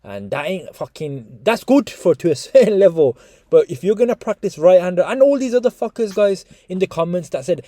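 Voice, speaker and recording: A man's voice: sits high, brisk, no room sound. A man giving casual, swearing boxing reaction commentary to his viewers. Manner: swearing, animated, talks to viewers as guys. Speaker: boxing YouTuber.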